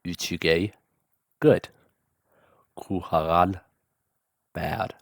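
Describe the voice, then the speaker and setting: A man's voice: sits low, fairly even intonation, extremely slow, vocal fry, dry recording, clean studio sound. A man teaching a language lesson in a casual, chatty way, enunciating carefully and dropping offhand asides. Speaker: language tutor.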